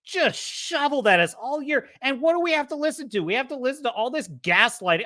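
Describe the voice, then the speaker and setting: Bright-voiced guy ranting about movies, swears a lot, dry close sound. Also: very high-pitched, lively intonation, brisk, few pauses, no echo. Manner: impassioned, profane ranting. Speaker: podcast host. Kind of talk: casual movie commentary.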